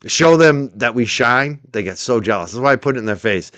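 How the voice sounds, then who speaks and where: A man's voice: medium pitch, animated, a little fast, a bit bright, dry recording. A man co-hosting a casual streaming chat, sardonic and laughing, explaining a topic in detail. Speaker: co-host. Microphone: streaming mic.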